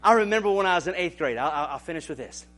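A man preaching a sermon as pastor, animated and building to shouts. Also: fairly high pitch, racing, faint music behind.

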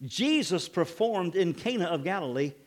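Animated high-voiced male preacher. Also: normal speed. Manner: animated preaching with calls of amen and acted quotes. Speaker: pastor. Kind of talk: sermon.

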